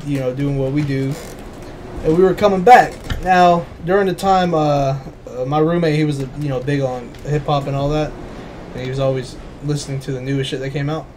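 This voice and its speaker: A man's voice: on the high side, a little mellow, slight background noise. A man co-hosting a casual podcast, telling stories with frequent laughter and swearing. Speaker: podcast co-host. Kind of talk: casual chat. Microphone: podcast microphone.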